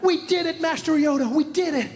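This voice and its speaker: A man doing an eager, high young hero. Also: brisk, a little mellow. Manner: eager, breathless. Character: young eager rebel hero, male, excitable.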